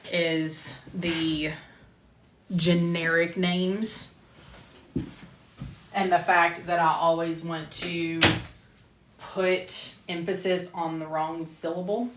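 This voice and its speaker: Low-voiced woman reading medical lecture. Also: little pitch movement, reverberant, slight background noise. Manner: measured, careful reading of drug terms, self-correcting. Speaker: medical coding instructor. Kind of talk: recording lecture narration, with casual asides. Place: home room with door closed.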